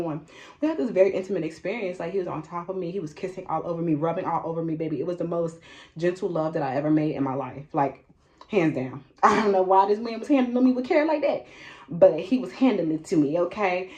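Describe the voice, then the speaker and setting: A woman's voice: lowish voice, animated, fast, warm tone, low-quality recording. A young woman telling a personal storytime in a casual vlog, blunt and profane, laughing often and tagging lines with "okay?".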